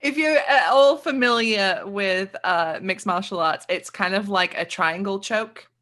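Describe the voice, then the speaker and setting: A woman's voice: medium pitch, a little slow, a bit bright. A woman narrating as game master in a tabletop game, descriptive and hesitant with fillers.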